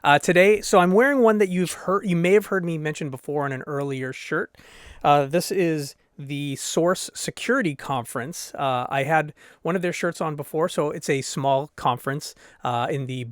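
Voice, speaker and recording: Male podcast co-host, from Boston, chatty and rambling, higher pitch, dry close mic. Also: moderate pace, no echo. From Boston area. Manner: rambling, many fillers and restarts, laughs easily. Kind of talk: casual podcast chat.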